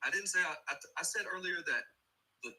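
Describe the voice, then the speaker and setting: A man's voice: high-pitched, animated, fast talker, bright, forceful tone, rough recording. A man arguing as a guest on a live stream, agitated and stumbling over his sentences. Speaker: call-in guest. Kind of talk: heated livestream argument.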